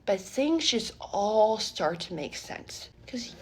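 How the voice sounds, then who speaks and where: A young woman casually retelling a wild dating story in a storytime vlog, animated and dramatic, often asking "okay?". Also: mid-range voice, takes it slowly, hardly any pauses, slight background noise.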